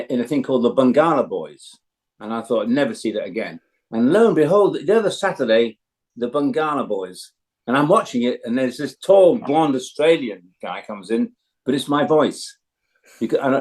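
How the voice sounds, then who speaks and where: Over poor audio, a veteran actor in his seventies from Yorkshire, England, spins anecdotes in a chatty manner during a casual interview. His voice has a medium pitch and a darkish tone.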